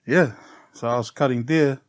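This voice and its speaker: A middle-aged man with a New Zealand accent, a barber guest telling his story in a casual podcast chat, relaxed and often laughing. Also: mid-range voice, moderate pace.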